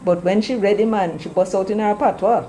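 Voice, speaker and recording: A woman's voice: medium pitch, brisk, dark tone, low-quality recording. Scolding Jamaican woman commentator. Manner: scolding, full of rhetorical questions; switches between English and patois. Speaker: political commentator. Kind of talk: opinion commentary to camera.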